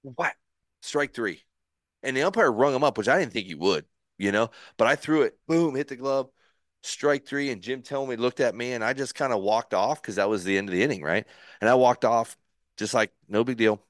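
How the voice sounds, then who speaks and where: A middle-aged man, a former pitcher as a podcast guest, telling a story in a casual, animated way, acting out his own thoughts and often restarting his sentences. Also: normal speed, no echo, clean studio sound.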